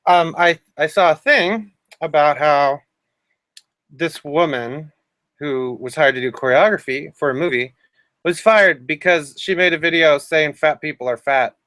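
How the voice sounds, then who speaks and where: A man's voice: on the high side, a little slow, a bit bright, no room sound, studio quality. A man hosting a casual livestream, rambling and meandering, now and then humming a sing-song tune. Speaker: livestream host.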